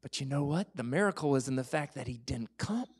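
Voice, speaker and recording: A man's voice: medium pitch, fairly quick, slightly rough. Man preaching, dropping to whispers. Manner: drops to a soft whisper for emphasis; lively, conversational, sometimes joking. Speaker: pastor. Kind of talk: sermon.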